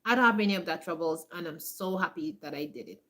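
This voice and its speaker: A homesteading vlogger gives her viewers a casual motivational talk in a bright but fairly low voice. She's emphatic and repeats herself, fills her speech with "like," and acts out other people's voices in quick asides.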